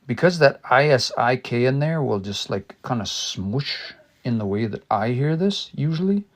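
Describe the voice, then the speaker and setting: A man studying a language on a casual livestream, thinking aloud and sounding out new words slowly and repeatedly. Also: mid-range voice, lively intonation. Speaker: language teacher.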